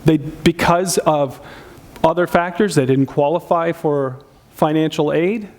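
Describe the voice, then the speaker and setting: A man's voice: on the high side, a little slow, darkish tone. A man preaching a sermon as pastor of a church, telling a story earnestly and often restarting his sentences.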